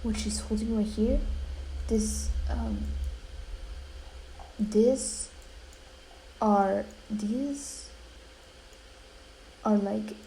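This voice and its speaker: A woman narrates a game in a gushing, melodramatic commentary style. She often drops into hushed, whispery asides. Her voice sits mid-range and sounds mellow, with a faint hiss underneath. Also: mid-range voice, very slow, creaky, long pauses, rough recording. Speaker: gaming YouTuber. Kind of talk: dramatic gameplay commentary.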